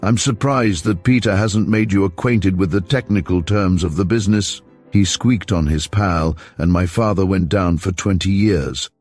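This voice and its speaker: Man doing a sneering swindler, rough, cold, deep voice, audiobook villain. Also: normal speed, a little mellow, soft background music. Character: sneering young male swindler, cold and cruel. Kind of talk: audiobook character voice.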